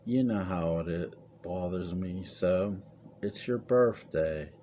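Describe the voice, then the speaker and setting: A man's voice: deep voice, slow pace, mellow, slight background noise. A man reading the lines of a grown daughter who soothes and coaxes her mother. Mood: weary. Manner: soothing, coaxing. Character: grown daughter, gentle and coaxing woman.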